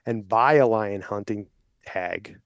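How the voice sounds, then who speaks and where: A man with a fairly low voice talks casually on a podcast, building a persuasive case step by step. His voice is close and dry, with no room sound, and he keeps pulling the listener along with little check-ins. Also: takes it slowly, no echo. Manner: persuasive, explanatory, addresses listeners directly with "okay?". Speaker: hunting advocate guest.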